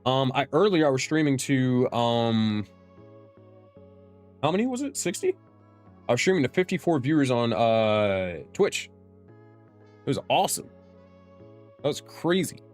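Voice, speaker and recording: A man's voice: medium pitch, lively intonation, a little slow, faint music behind. A young man, a streamer and game master, answering chat questions in a loose, rambling way with restarts and casual swearing. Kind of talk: casual livestream Q&A.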